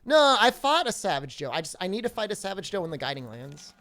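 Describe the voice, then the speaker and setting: A man's voice: high voice, very animated, fast, bright, forceful tone. A man streaming a video game, chatting casually and jokingly as he reads viewers' questions aloud. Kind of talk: casual live-stream chat.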